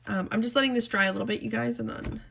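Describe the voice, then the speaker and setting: A woman's voice: fairly high pitch, steady tone, very fast, gravelly, a bit bright, a little hiss or hum. A young adult woman talking casually and from the heart to her viewers while she colors, rambling from one story to the next. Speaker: coloring channel host.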